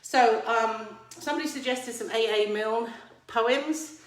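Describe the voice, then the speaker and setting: A woman's voice: fairly high pitch, a little slow. An Englishwoman vlogging at home, talking to viewers through a phone camera held at arm's length, with playful, teacherly asides. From England. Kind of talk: casual chat to viewers. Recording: echoey room.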